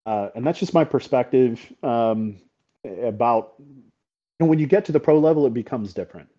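Middle-aged male coach, very dark mellow voice, mid pitch, candid and profane. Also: normal speed. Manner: candid and blunt, swears freely, tag questions. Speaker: paintball team coach, podcast guest. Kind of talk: casual interview talk. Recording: slightly dull podcast audio.

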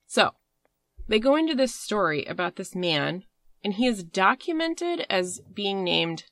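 A woman's voice: medium pitch, big pitch swings, a little slow, a bit bright, no room sound. A woman hosting a podcast, telling a story in a rambling, casual way with fillers and swearing. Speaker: podcast host.

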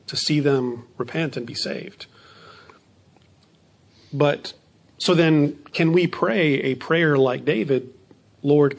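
A man's voice: on the high side, gravelly, husky. A man, a pastor leading a midweek Bible study in a conversational way, often asking rhetorical questions and repeating phrases.

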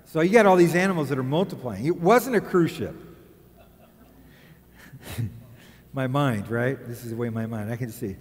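A man's voice: mid-range voice, unhurried, pauses often, in a large hall. A male pastor preaching a casual, jokey sermon, rambling into asides and checking with the room. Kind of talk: conversational sermon.

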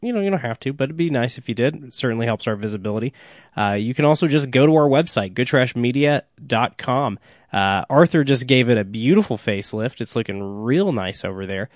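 A man's voice: medium pitch, lively intonation, brisk, no room sound, studio quality. A man co-hosting a movie podcast, talking casually with frequent restarts and filler uhs. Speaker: podcast co-host. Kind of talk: casual movie discussion and show plugs.

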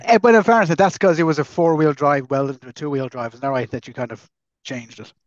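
An Irish man co-hosting a podcast in casual, jokey chat, quick to slip into silly voices. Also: a little high, dry recording, highs cut off. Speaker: podcast co-host.

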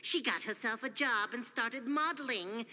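A man voicing a ghoulish male crypt host who loves puns, in a drawn-out, sing-song horror show clip. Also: very high-pitched, pushed and bright, full character voice. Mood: gleeful. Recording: reverberant TV clip audio.

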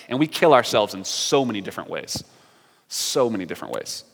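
A man preaching a sermon in an earnest way, moving between emphatic lines and hushed, quiet ones. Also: lowish voice, very animated, brisk, in a large hall. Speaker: pastor.

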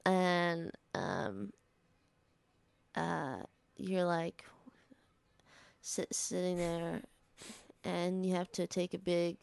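A woman with a low, gravelly yet smooth voice hosts a comedy podcast. She rambles through an improvised story, filling it with "like"s. The sound is dry and close. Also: drawn-out words, pauses often, dry recording. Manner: rambling, heavy use of "like".

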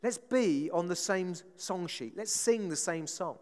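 Man, preacher, conversational sermon, chatty, slightly high voice, long hall reverb. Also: lively intonation, measured pace, darkish tone. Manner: chatty, often asks the congregation "right?".

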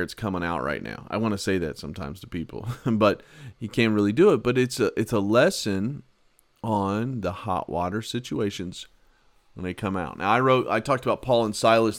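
A man who is a pastor and podcast host, giving a conversational Bible teaching in an emphatic way, repeating his key words and swinging between loud and soft. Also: on the low side, no room sound, clean studio sound.

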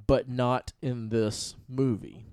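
A man co-hosting a casual movie chat, relaxed and hesitant, with many pauses and ums. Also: medium pitch, clean tone. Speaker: podcast co-host.

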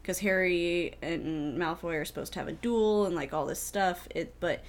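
A woman's voice: fairly low pitch, moderate pace. A woman co-hosting a casual podcast about a film, talking in a chatty way with lots of "like" fillers and swearing. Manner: chatty, profane, many "like" fillers. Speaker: podcast co-host.

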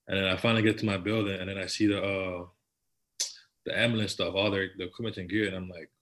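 A man's voice: lowish voice, fairly bright tone. A man, telling a personal story as a podcast guest in an earnest, slang-filled, repetitive way. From Toronto, Canada. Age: 20s. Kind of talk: personal storytelling in casual conversation.

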